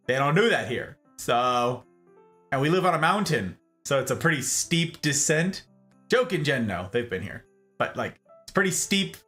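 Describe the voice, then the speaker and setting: A man with a lively, swooping voice chats casually with his livestream viewers, joking and exclaiming as he goes. Soft music plays underneath. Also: on the high side. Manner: animated, jokey, exclaims and laughs often. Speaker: livestream host. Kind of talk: casual chat with live viewers.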